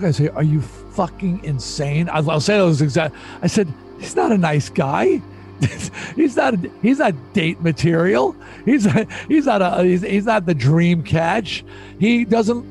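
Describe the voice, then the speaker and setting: Gravelly, animated middle-aged man. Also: a little high. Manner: animated, profane, repeats himself when excited. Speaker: interview guest. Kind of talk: casual interview storytelling.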